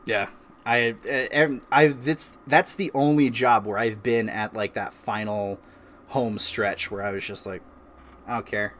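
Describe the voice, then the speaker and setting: A man's voice: medium pitch, fairly even intonation, unhurried, a bit bright. Chill guy rambling through a story at home, laughing a lot, slight background hiss. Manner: laid-back, laughs often, lots of filler words. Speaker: streamer and host. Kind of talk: casual storytelling chat. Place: at home by a fireplace.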